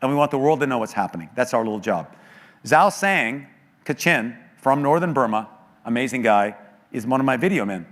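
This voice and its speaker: A middle-aged American man speaking at a church, telling an emotional story with earnest, animated delivery and quoted voices. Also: medium pitch, a little fast. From United States. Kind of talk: storytelling talk. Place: large church auditorium. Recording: long hall reverb.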